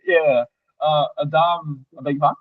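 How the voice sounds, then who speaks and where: A young Australian man, an athlete guest, telling race stories in an animated, slangy way and acting out what others said. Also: a little high, moderate pace, dry recording. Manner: animated, acts out quotes, loose and slangy. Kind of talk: casual storytelling interview. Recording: dry, slightly dull podcast audio.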